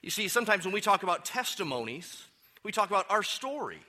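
A man, a pastor, preaching a sermon and slowing down to stress key words. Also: sits high, very animated, bright, forceful tone.

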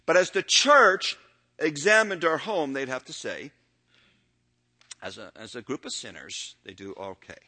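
An older man, a pastor, teaches about church elders in a sermon-lecture style at a measured pace. His intonation is lively, swinging between loud, emphatic peaks and quiet, low asides.

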